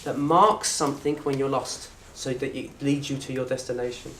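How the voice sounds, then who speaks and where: A man's voice: medium pitch, normal speed, a little hiss or hum. Southern English man teaching in an echoey room. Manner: lively, asks the audience questions and acts out little scenes. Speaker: Arabic course teacher. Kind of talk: lecture to an open day audience. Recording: roomy echo from a distant mic.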